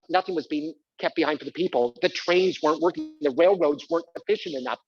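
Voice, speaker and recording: A man's voice: a little high, fast talker, dull audio, faint music behind. A man performing a live one-man stage show, talking theatrically and prodding the audience to join in. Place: community center stage.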